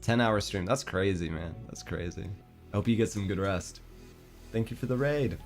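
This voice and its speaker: Young adult Canadian man, streamer, hesitant rambling chat, lower register. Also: normal speed. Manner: meandering, hesitant, self-deprecating. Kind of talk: casual chat. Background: faint background music.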